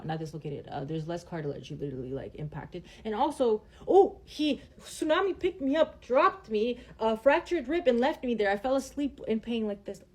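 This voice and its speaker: A woman's voice: medium pitch, a little mellow. A young woman telling a personal story in a vlog, blunt and emotional, swearing heavily. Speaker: vlogger.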